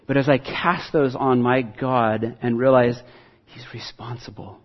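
Husky man preaching a casual sermon. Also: mid-range voice, fairly even intonation, unhurried, dull audio. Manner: earnest, conversational preaching with self-deprecating asides. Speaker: pastor.

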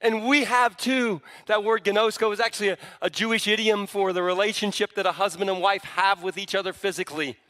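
Bright-voiced pastor preaching in a reverberant hall. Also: male voice, high-pitched, fairly even intonation, a little fast, hardly any pauses. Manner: conversational teaching that builds to fervent emphasis. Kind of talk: sermon. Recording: long reverb of a large hall.

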